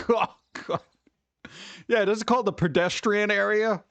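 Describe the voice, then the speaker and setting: A man's voice: high voice, fairly even intonation, measured pace, a bit bright, no echo, lo-fi sound. A middle-aged man hosting a casual stream, rambling loosely, swearing and acting out the people he talks about. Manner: over-caffeinated. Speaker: streamer host. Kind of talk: casual rambling chat with viewers.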